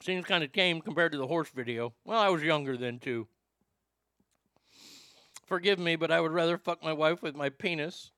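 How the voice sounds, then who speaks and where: A man's voice: fairly high pitch, moderate pace, long pauses, bright, forceful tone, no echo. A man hosting a live stream, ranting crudely to his chat with incredulous outbursts and stammered restarts. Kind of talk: crude comedic rant to chat.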